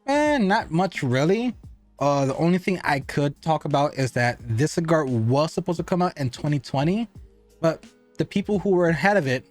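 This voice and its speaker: A man giving a casual cigar review, rambling and asking and answering his own questions. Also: on the high side.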